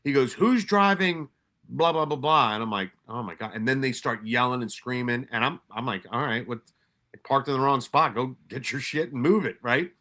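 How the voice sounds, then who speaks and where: Bright-voiced man from New York telling stories. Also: mid-range voice, a little fast. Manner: profane, animated retelling with many restarts and quoted asides. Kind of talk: casual storytelling.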